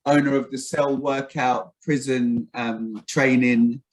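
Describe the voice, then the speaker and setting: A man's voice: mid-range voice, fairly even intonation, slow pace, low-quality recording. A man hosting a casual video-call interview, friendly and a little rambling with fillers. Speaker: host.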